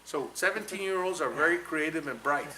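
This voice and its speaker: A man in his sixties from New Mexico spins a personal story for a college audience. His voice sits a little high and sounds bright and forceful. He delivers the tale with animated energy over a faint layer of background noise. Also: a little fast, rough recording. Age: 60s. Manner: animated storyteller, switching into Spanish for quotes. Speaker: guest speaker. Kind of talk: storytelling talk at a fireside chat. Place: college event hall with audience.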